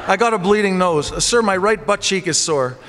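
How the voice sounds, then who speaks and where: A man's voice: sits high, fairly quick, noisy background, close to an everyday voice. A man voicing a whiny teenage boy player who mumbles and sighs through a string of excuses. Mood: complaining. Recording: long church reverb, faint ambience.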